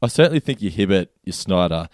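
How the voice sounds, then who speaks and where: A man's voice: low-pitched, sing-song, fast, a little mellow, dry recording, studio quality. A man co-hosting a podcast, asking long rambling questions that he stacks one on another. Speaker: podcast co-host. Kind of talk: podcast interview.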